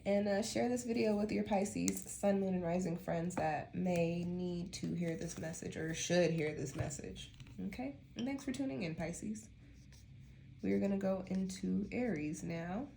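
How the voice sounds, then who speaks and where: A woman with a fairly low voice talks her way through a tarot reading, rambling and casual, calling her listeners y'all. Her nose is stuffed up from allergies. A faint hum of room noise sits under her voice. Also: normal speed, vocal fry, few pauses, warm tone. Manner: chatty, rambling, addresses viewers as y'all. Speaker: tarot reader.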